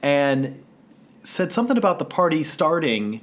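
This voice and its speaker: Laughing, animated male podcast co-host. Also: fairly high pitch, normal speed. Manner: animated, laughing, acts out quoted voices. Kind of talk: casual storytelling chat.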